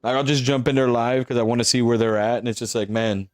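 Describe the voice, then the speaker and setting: A relaxed man talks through his live game stream. He jokes around and curses casually, in a flat, somewhat bothered-sounding tone. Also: medium pitch, quick pace, no room sound, clean studio sound. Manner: laid-back, joking, swears freely. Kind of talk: casual live-stream chat while gaming.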